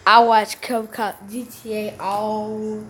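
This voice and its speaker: A woman's voice: medium pitch, level tone, takes it slowly, a little hiss or hum. A woman co-hosting a reaction video, chatting casually with slangy, playful remarks.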